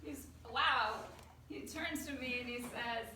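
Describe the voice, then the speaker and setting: A woman telling a personal story to a live audience, lively and often laughing at her own tale. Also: on the high side, slow. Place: storytelling event before an audience. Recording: roomy live recording from a distance, noisy.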